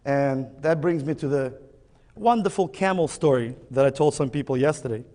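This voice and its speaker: A man's voice: mid-range voice, moderate pace, dark tone. A man giving a salesy conference presentation, punchy and swearing freely as he tells a joke. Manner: salesy, punchy storytelling with profanity. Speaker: conference speaker. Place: large conference hall. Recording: echoey hall with long reverb.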